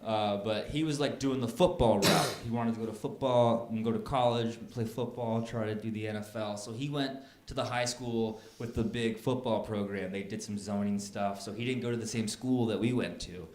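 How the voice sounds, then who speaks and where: Guy doing stand-up at a club, animated stories, lots of room echo. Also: moderate pace, few pauses. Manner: animated storytelling, jumps to high excited pitch when acting out scenes. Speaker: stand-up comedian. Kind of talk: stand-up comedy set. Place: comedy club stage before a laughing audience. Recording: echoey club room with crowd laughter.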